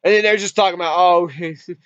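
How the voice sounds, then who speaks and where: A man's voice: high-pitched, steady tone, a little fast, fairly bright tone, no echo. A man casually retelling a movie's plot as a reviewer, rambling with restarts and swearing freely. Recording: dull lo-fi dry recording.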